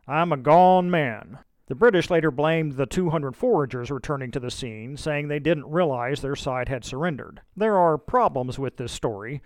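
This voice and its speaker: A man narrating history from a script in a measured storytelling manner. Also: on the high side, a little mellow, no echo.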